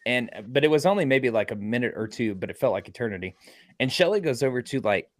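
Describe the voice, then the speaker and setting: A man recounts an investigation in a lively storytelling way, acting out every quoted line. His voice sits at an ordinary middle pitch for a man. The recording is dry and close, with no room sound. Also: fast talker, no echo. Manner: acts out quoted lines with lively energy. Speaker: paranormal investigator. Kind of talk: animated storytelling on a podcast.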